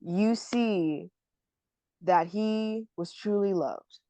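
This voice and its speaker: A woman co-hosting a podcast, chatting about an anime in an animated, emotional way that often breaks into laughter. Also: mid-range voice, very slow. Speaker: podcast co-host. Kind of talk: casual anime discussion.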